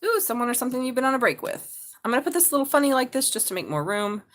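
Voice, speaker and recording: A woman's voice: high voice, very animated, very fast, fairly bright tone. A woman doing a live tarot reading, chatty and blunt, swearing and laughing as she talks. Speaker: tarot reader.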